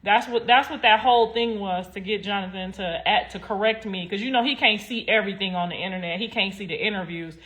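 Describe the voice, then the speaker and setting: A young woman ranting on her own livestream in a mid-range voice. She is blunt and heated, cursing freely. She swings from loud outbursts down to low mutters. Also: a little fast, few pauses. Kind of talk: casual livestream rant.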